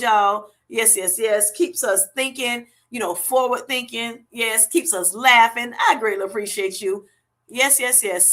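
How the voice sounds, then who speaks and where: Woman, middle-aged, bright tone, casual livestream chat, friendly and rambling. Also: medium pitch. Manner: chatty and affectionate, thanks viewers by name. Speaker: livestream host.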